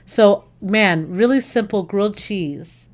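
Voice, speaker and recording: This US livestream host talks slowly in a mid-range voice, keeping things casual with her viewers. Food gets her excited and gushing, and her talk rambles with fillers and corrections of herself.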